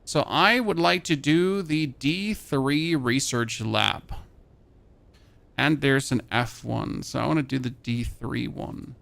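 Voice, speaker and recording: A man's voice: medium pitch, slow pace, vocal fry, fairly bright tone. A chatty man from Germany with a light German accent, streaming a game and rambling as he plays. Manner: chatty, rambling, thinks aloud while playing. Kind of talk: casual live-stream chat.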